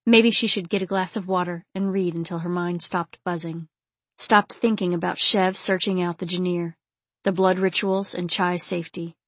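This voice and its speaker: A woman narrating an erotic romance novel in a soft, low, intimate reading. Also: fairly even intonation, normal speed, dry recording. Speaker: audiobook narrator.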